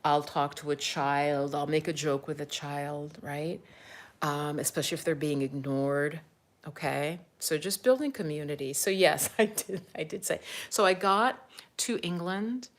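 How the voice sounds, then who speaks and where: A talkative American woman in middle age hosting a casual livestream as a spiritual coach. Her voice sits a little low, and she laughs easily and slips into whispers for asides. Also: unhurried. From United States. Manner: chatty, laughs often, drops to a whisper for asides.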